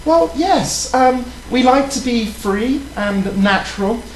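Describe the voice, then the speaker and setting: A woman's voice: a little high, expressive, reverberant, a little hiss or hum, rough recording. A woman voicing a prim, proper European lady with a put-on British accent, genteel and easily offended. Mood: coy. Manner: genteel and overly polite, drawn-out exclamations. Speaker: co-host. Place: hotel studio.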